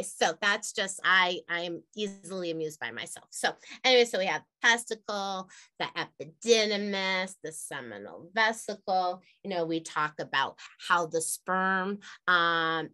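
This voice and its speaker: This is a middle-aged woman teacher talking parents through a classroom lesson. She is frank and chatty and amused by her own jokes. Her voice has a bright, forward tone. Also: mid-range voice. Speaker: health teacher.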